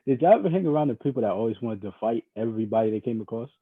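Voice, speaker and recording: A man's voice: mid-range voice, animated, rapid-fire. A young adult man hosting a podcast, asking questions in laid-back, slangy casual chat. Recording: dry, tinny phone-like sound.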